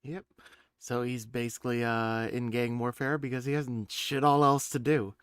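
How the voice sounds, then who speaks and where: A man with a bright, crisp voice hosts a tabletop game. He jokes and talks loosely, tossing in quick asides. The sound is dry and close. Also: mid-range voice, flat delivery, dry recording. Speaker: game master. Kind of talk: casual game intro chat.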